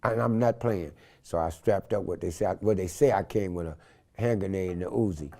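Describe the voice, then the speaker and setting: An older man from San Francisco, telling stories in an interview with an animated, slangy manner and loud acted-out quotes. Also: deep voice, fairly quick, vocal fry. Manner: animated, acts out quotes loudly, street slang. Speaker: interview guest. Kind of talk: storytelling in an interview.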